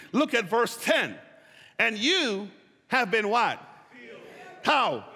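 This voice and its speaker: Guy preaching in a big echoey church, bright voice, bounces all over, keeps getting them to say it back. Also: very high-pitched. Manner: call-and-response preaching, drawing out key words. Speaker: pastor. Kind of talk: sermon. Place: church sanctuary. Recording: reverberant church hall. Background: long hall reverb.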